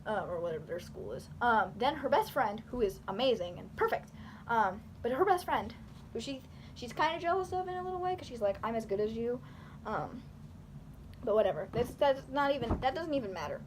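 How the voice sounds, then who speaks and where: Young woman, rambling vlogger, bit high-pitched, faint background hiss. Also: fairly quick. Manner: rambling, animated, filler-heavy; talks with her hands. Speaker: YouTuber. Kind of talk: casual talking-head commentary.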